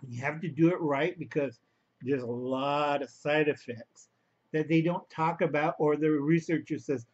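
Unhurried and husky, with a voice that's a little high, this male vlogger rambles on in a home video, heard through a muffled recording. He addresses viewers as boys and girls and talks about himself by name in the third person.

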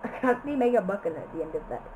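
A woman giving silly, goofy commentary over her own gameplay, chanting nonsense phrases and breaking into sudden shouts. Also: mid-range voice, big pitch swings, very fast, slight background noise, poor audio. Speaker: gameplay video maker.

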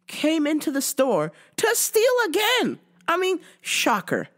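A woman's voice: high voice, wildly swooping pitch, slow pace. A woman hosting a podcast, ranting in a sarcastic, profane way and laughing often. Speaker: podcast host. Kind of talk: casual ranting commentary.

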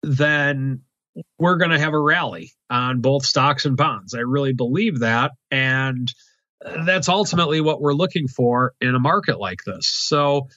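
A man's voice: mid-range voice, lively intonation, a little slow, pushed and bright, dry recording. Hesitant male co-host on a dull line. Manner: hesitant, many fillers and restarts. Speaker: co-host, wealth manager. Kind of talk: casual market chat. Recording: dull dry remote line.

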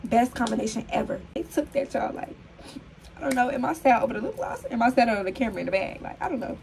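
A young woman in her twenties talks casually to her phone camera at home, her voice a bit hoarse. She is chatty and full of fillers, calls her viewers y'all, and sits a little higher than most women, with faint room noise under her. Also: lively intonation, quick pace, darkish tone, rough recording. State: slightly hoarse. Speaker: vlogger. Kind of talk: casual vlog talk to camera.

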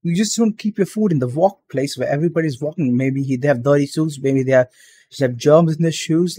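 A man's voice: fairly high pitch, fairly quick, warm tone, breathy edge. Profane ranting young man. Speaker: reaction video commentator. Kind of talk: angry reaction commentary.

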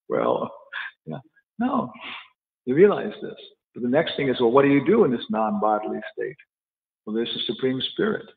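Gravelly man teaching in a tinny hall. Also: mid-range voice, huge pitch swings, measured pace, pauses often. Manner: chatty, laughing asides, acts out quotes. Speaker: spiritual teacher. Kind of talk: casual scripture class. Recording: tinny phone-like echoey hall.

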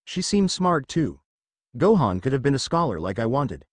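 Angry scolding mom figure, voiced by a male reader, lively pitch. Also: normal speed, no room sound, studio quality. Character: scolding middle-aged housewife, hot-tempered.

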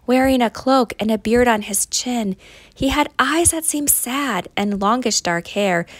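A woman reading a rhyming picture book aloud for young children, in an expressive, sing-song way. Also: medium pitch, no room sound. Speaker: storytime reader.

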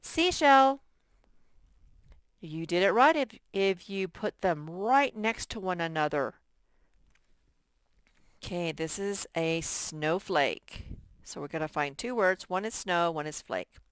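Here a teacher guides young kids through a first-grade workbook, patiently and slowly sounding out each word. She has a smooth, clear, slightly low voice, and the close, dry recording has no echo.

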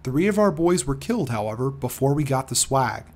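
Brief: man reading a dying old man, earnest and grave, husky voice. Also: medium pitch, sing-song, a little fast, darkish tone. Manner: heavy, earnest confession. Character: dying older man confessing, grave and weary. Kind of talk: audiobook character reading.

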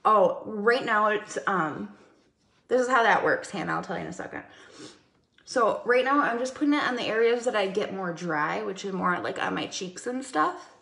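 A woman's voice: mid-range voice, lively intonation, normal speed, gravelly, fairly bright tone, reverberant. A woman hosting a casual makeup livestream, chatty and greeting viewers by name.

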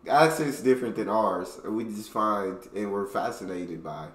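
A man's voice: lowish voice, moderate pace, reverberant, a little hiss or hum. An American man making a reaction video, chatting casually and enthusiastically to his viewers. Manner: relaxed, enthusiastic, says "bro".

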